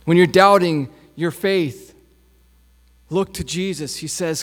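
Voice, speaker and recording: A man preaching a sermon as pastor, with a slow, repetitive preaching cadence. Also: fairly high pitch, a bit bright. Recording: long hall reverb.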